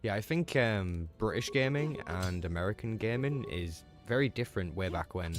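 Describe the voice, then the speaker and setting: Lively, laughing stream host man. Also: on the low side, over music. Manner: laid-back, quick to laugh, joking. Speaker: streamer hosting a voice chat. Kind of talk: casual group chat on a live stream.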